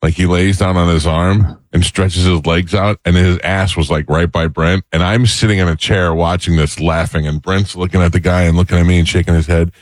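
A middle-aged man hosting a talk show, telling a funny anecdote in an animated way and mimicking the people in it. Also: sits low, a little fast, hardly any pauses, dry recording. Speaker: radio show host. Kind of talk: casual storytelling chat.

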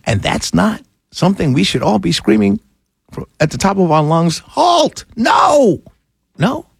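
A man's voice: high-pitched, lively intonation, normal speed, gravelly, husky, no echo. A man hosting a call-in talk radio show from a studio, ranting with exasperation and firing off rhetorical questions.

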